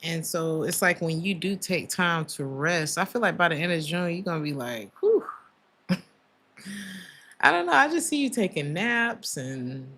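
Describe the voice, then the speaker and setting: Low-pitched woman, warm chatty tarot reading, emotional asides. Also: animated, normal speed. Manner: emotional, chatty, many fillers and laughs. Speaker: tarot reader.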